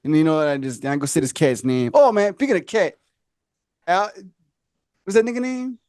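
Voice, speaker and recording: A man with a high-pitched voice chats on a podcast and tells a story, acting out the lines of other people as he goes. He laughs often, and the sound is dry and close with no room echo. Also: brisk, darkish tone. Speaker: podcast co-host. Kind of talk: casual chat, storytelling.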